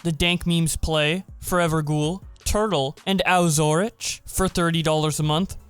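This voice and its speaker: A man hosting a commentary channel, giving scripted narration and reading tweets aloud in a steady voice. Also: a little high, a little slow, clear, resonant tone, no echo, soft background music.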